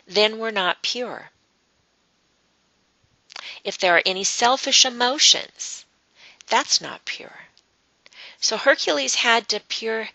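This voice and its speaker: Gravelly bright-voiced woman presenter. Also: lowish voice, dry recording, rough recording. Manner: rambling explanations with many ums and uhs. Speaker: webinar presenter on astrology. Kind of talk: informal teaching talk to an online group.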